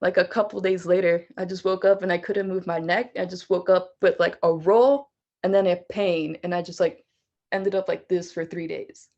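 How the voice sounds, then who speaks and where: A woman's voice: on the low side, fairly even intonation, moderate pace, a little mellow, dull audio. Young female vocalist guest; chatty storyteller, loose and casual delivery. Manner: chatty, laughs often, fillers like "like".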